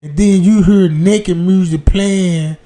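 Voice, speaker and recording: A man with a high voice tells a profane comic story to his livestream audience. He swings from loud, exclaiming bursts down to half-mumbled asides. His delivery is loose, crude and animated. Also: slow pace. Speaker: livestream host. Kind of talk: profane comedic storytelling rant.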